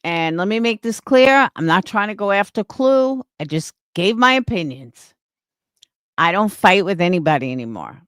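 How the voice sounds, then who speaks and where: A woman's voice: medium pitch, expressive, normal speed, fairly bright tone, smooth, dry recording, clean studio sound. A woman live streamer chatting casually with her viewers, opinionated and rambling, restarting her sentences.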